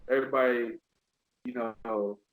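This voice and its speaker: A man's voice: mid-range voice, steady tone, unhurried. A man chatting casually on a podcast, laughing often and swearing freely. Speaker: podcast guest. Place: his home in Dallas. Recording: echoey room.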